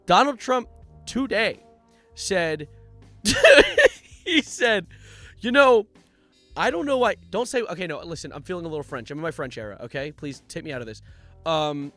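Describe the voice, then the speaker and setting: A young man live streaming, chatting casually, joking around and reading out donations in an animated way. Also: a little high, brisk, faint music behind. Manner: jokey, animated, reads donations aloud. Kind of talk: casual livestream chat.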